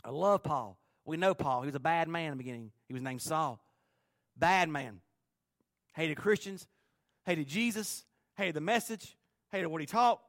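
A man preaching a sermon with animated, joking, emphatic storytelling. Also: on the high side, moderate pace, no room sound. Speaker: pastor.

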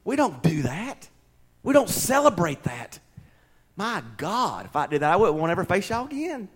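A man preaching a sermon as pastor in a church, swinging between loud bursts and hushed asides and acting out other voices. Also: high voice, very animated, normal speed, slightly rough.

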